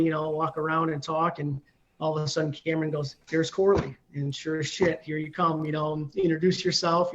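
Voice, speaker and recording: Rambling guest man, muffled audio. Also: on the high side. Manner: rambling, many ums and you-knows. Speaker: firefighter guest. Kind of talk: casual interview storytelling.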